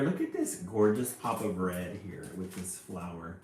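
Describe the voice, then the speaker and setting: Male storybook reader, fairly low voice, chatty asides, echoey room. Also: a little slow, slight background noise. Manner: lively, chatty asides about the pictures. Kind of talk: reading a picture book aloud with commentary. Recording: echoey room, faint music.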